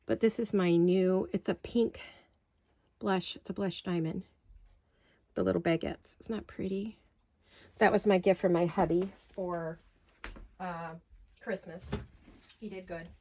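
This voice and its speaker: A woman's voice: on the low side, fairly even intonation, a little slow, pauses often, dark tone, no room sound. A tired, slightly breathless woman chatting casually through a home craft tutorial, rambling and losing her words. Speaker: craft vlogger.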